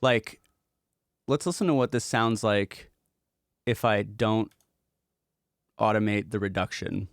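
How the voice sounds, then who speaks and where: A man's voice: on the low side, slow pace, pauses often, dry recording, clean studio sound. A man who is a music producer, walking through a project in a casual livestream, talking loosely and rambling with casual swearing.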